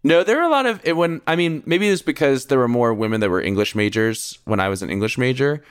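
A man's voice: mid-range voice, lively intonation, fast, clear, resonant tone, no echo, studio quality. A man co-hosting a podcast, chatting casually with frequent laughs and hedges. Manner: chatty, laughs often, hedging with "like". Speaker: podcast co-host. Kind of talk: casual chat about a film.

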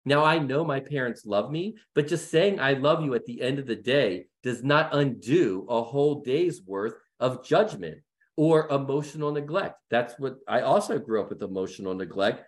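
A man's voice: mid-range voice, lively intonation, normal speed. A middle-aged man speaking as a guest in a panel discussion, earnest and emphatic in a conversational way.

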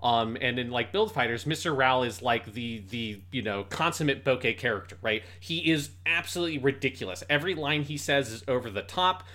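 A man's voice: medium pitch, lively intonation, brisk, few pauses, sharp tone. A man co-hosting a podcast, talking casually and animatedly about a show, swearing freely. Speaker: podcast co-host. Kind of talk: casual review discussion.

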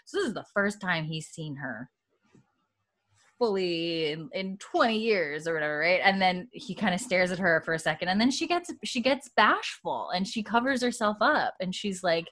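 A woman in casual chat, retelling a show's scenes with bursts of laughter and quick acted-out dialogue. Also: lowish voice. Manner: animated storyteller, acts out characters' lines, laughs often. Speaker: podcast co-host recapping a TV episode.

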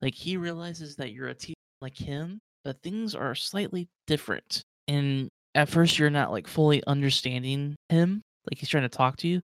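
A man's voice: fairly high pitch, moderate pace, few pauses, dry recording, clean studio sound. A man narrating as game master of a tabletop role-playing game, rambling and full of "like". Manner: rambling, heavy with "like".

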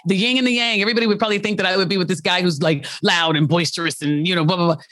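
A woman's voice: lowish voice, steady tone, racing, fairly bright tone, no room sound. A woman who hosts a radio show, chatting candidly about her marriage and telling stories with frequent laughter. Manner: candid, storytelling, laughs often. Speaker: radio host. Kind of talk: casual chat.

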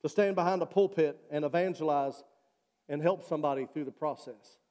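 A man's voice: a little high, fairly quick, darkish tone. A male pastor preaching a sermon and leading an altar call, earnest and repeating his appeals. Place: church sanctuary. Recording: long church reverb.

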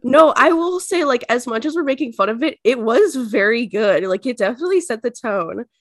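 A woman co-hosting a podcast, recapping an episode in casual chat full of fillers and quick bursts. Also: fairly high pitch, animated, a bit bright, no echo. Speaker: podcast co-host.

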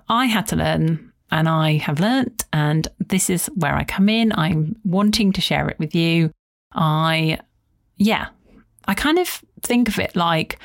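A woman hosting her own podcast, chatting in a rambling, friendly way and acting out her inner thoughts in quick asides. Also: on the low side, creaky. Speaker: podcast host and podcast editor. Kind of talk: solo podcast talk.

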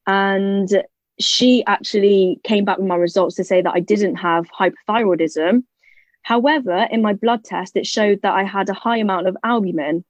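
A young woman with a British accent shares a story in a relaxed chat, lively and joking, slipping into other people's voices as she quotes them. Her pitch sits in the middle range. The sound is dry and a little dull, like a modest lo-fi recording. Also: normal speed, no room sound. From United Kingdom. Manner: lively, jokey, acts out other people's lines. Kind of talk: casual storytelling in a conversation.

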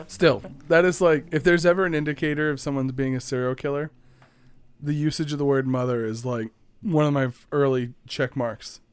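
A slightly high-voiced man hosting a casual podcast. He rambles through his stories and breaks into giggles often. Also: fairly even intonation, moderate pace, clean tone. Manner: giggly, rambling, frequent laughter. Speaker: podcast host.

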